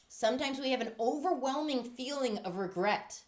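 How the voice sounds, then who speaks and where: Woman, music teacher, workshop talk, emphatic, lively, acts out quotes. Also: high-pitched, moderate pace, hardly any pauses. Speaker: violin teacher and presenter.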